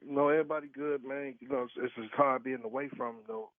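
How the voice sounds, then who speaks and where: On a tinny telephone line, a prank call target with a gravelly, mid-range voice talks very fast and very animatedly. Blunt and profane, he keeps firing the same questions over and over in this heated phone conversation. There's no echo.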